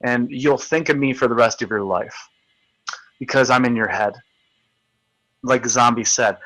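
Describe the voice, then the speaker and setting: A man's voice: medium pitch, measured pace, long pauses, sharp tone, dry recording, poor audio. A man hosting a live video chat, ranting in a combative, profane, taunting way. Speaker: livestream host.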